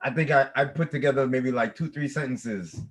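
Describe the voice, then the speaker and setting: A young man chats casually on a podcast. He rambles, stumbles and repeats himself as he tells his side, at an average pitch. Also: brisk, poor audio. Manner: rambling, many restarts and repeated words. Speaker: podcast co-host. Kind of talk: casual chat.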